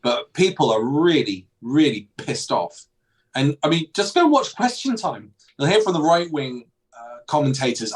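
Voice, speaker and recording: A man's voice: mid-range voice, expressive, moderate pace, rough recording. A man hosting a podcast, chatting casually about politics and often restarting his thoughts. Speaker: podcast host.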